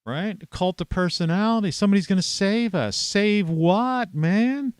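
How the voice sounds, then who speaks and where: A man's voice: high-pitched, normal speed, smooth, no room sound, studio quality. A man at home, ranting scornfully to camera with plenty of swearing. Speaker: vlogger. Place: at home, indoors in an old house.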